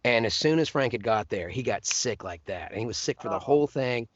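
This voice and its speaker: A man with a mid-range voice, a voice actor appearing as a guest, tells stories at a brisk clip in casual conversation, animatedly slipping into other voices and laughing along the way. The recording has no room sound, and the highs are cut off.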